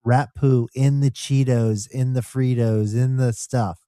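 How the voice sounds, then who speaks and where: A man with a mellow, darker voice chats on a podcast, tossing in quick jokes. His tone stays easy and low-key. The sound is close and dry. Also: steady tone, clean tone, no room sound. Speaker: podcast co-host. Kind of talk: casual chat.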